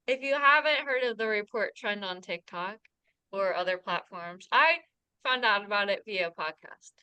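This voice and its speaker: Bright, crisp-voiced woman chatting. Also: a little high, dry recording, poor audio. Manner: laughs often, chatty storytelling. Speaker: podcast co-host. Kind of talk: casual chat.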